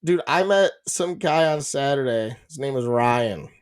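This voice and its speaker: A man's voice: mid-range voice, animated, a little slow, clean tone. A man co-hosting a podcast, telling rambling, profane stories and laughing often as he talks. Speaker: podcast co-host. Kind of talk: casual chat.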